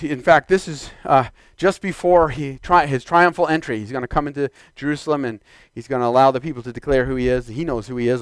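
Delivering a sermon in a smooth, fairly high-pitched voice, this preacher moves from calm, measured teaching up to loud exclamations aimed at the congregation. The recording has no echo.

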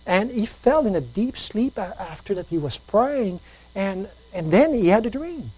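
A woman preaching a sermon, telling a story, repeating phrases and swinging between loud emphasis and quiet talk. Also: medium pitch, lively intonation, a little slow, slightly rough, no room sound, low-quality recording.

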